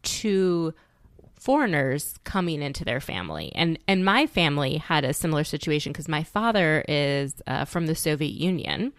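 A woman's voice: low-pitched, big pitch swings, normal speed, no echo. Woman chatting, dry close sound. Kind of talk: casual chat.

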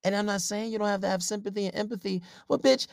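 A man's voice: high voice, quick pace, creaky, no echo, clean studio sound. A man delivering a blunt, profane advice rant in a confrontational way. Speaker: relationship advice commentator. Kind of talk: ranting advice monologue.

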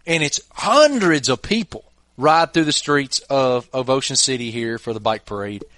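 A man's voice: mid-range voice, animated, normal speed, bright, forceful tone, no room sound, studio quality. A middle-aged man hosting a podcast, casually telling a funny anecdote with chuckles along the way. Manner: laid-back, chuckling anecdotes. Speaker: podcast host. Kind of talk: casual storytelling chat.

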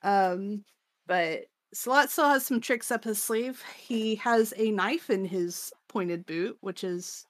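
A woman talks through a comic story in relaxed, profane podcast chat, slipping into quick voices for the characters. Her voice sits at an everyday middle pitch. The sound is dry and close, with no room behind it. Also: no echo. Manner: loose and profane, acting out characters' lines with lots of "like". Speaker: podcast co-host. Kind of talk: casual chat, recapping a manga.

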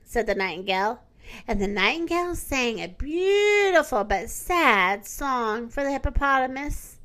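Lady reading a kids story, bright high voice, slow and gentle. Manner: gentle, expressive and unhurried. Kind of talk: children's story read aloud.

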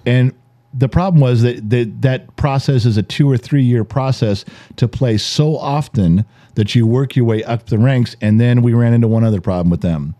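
A man in his forties, co-hosting a podcast and telling animated stories in casual chat, acting out the dialogue and swearing freely. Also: medium pitch, moderate pace, no echo. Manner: animated storyteller, acts out quoted dialogue, swears. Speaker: podcast co-host.

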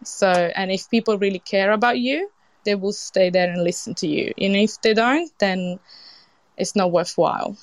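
A woman from Sicily, a chef with an Italian accent and a British tinge, talking as a guest in a casual interview, lively and expressive with frequent restarts. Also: mid-range voice, moderate pace, no room sound. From Sicily, Italy. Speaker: chef and event organiser, guest.

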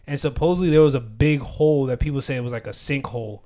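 A man's voice: mid-range voice, fast talker, mellow. A young man co-hosting a podcast, chatting casually with lots of slang and laughter. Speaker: podcast co-host.

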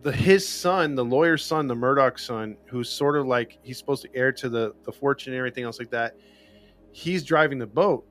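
Guy telling a story on a podcast, lots of "like", lively, little music in back. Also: mid-range voice, moderate pace. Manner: animated storyteller, lots of fillers. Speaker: podcast co-host. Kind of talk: casual chat.

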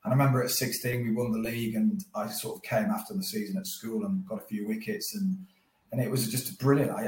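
A man, a guest telling stories in casual chat with frequent laughs. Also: mid-range voice. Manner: animated storytelling with frequent laughs. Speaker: guest, former professional cricketer. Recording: roomy echo.

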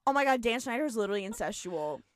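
Animated woman reacting on a podcast. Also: on the high side, very fast, heavy background noise. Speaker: podcast co-host. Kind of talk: casual chat. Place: indoor room shared in person.

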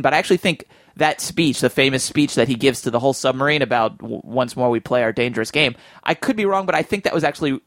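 A man's voice: fairly high pitch, a bit bright, dry recording, clean studio sound. A man hosting a casual film discussion, chatty and enthusiastic as he thinks aloud. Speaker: film podcast host.

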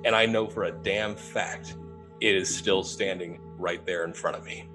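With music underneath, a deep-voiced young adult man casually tells his ghost story at normal speed. As a paranormal investigator, he acts out what people said, animated and laughing.

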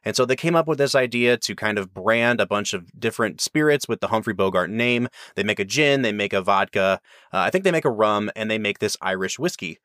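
A man's voice: on the low side, lively intonation, brisk, fairly bright tone, dry recording, studio quality. A man hosting a whiskey review, explaining and chatting in an enthusiastic, rambling way. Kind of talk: casual review chat.

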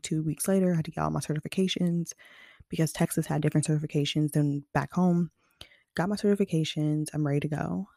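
A woman's voice: sits low, warm tone, no echo, studio quality. A young woman from Kansas City chatting frankly to her viewers, full of fillers. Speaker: vlogger. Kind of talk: casual storytelling to camera.

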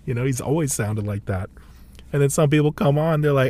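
A young man talks on his own podcast in a loose, rambling way, leaning on "like" at every turn and swearing without a second thought. His voice sits at an ordinary middle pitch. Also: brisk, mellow. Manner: rambling, full of "like", laughs often and swears freely. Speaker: podcast host. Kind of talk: casual podcast monologue.

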